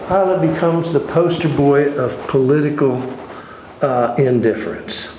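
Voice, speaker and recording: A man's voice: a little high, unhurried, a little mellow. Male Bible study teacher, chatty storyteller, very echoey hall, with background noise. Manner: conversational, dramatizing storyteller. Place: church.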